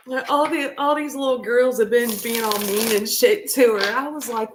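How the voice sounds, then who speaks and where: A woman's voice: a little high, noisy background. A woman chatting casually on a vlog, rambling loosely, laughing often and swearing freely. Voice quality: unhurried, trailing talk. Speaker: vlogger.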